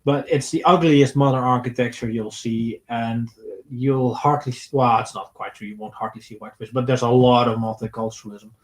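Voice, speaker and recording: A man's voice: medium pitch, fairly even intonation, brisk, rough recording. Young guy on a stream, reads questions then gives blunt takes, medium voice. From Netherlands. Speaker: streamer answering viewer questions. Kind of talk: casual livestream Q&A.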